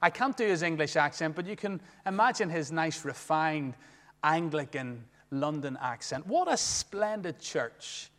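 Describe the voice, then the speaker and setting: A man preaching a sermon in a church, emphatic, swinging between loud declarations and hushed asides. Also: on the high side, normal speed. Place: church sanctuary. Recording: long reverb of a large church.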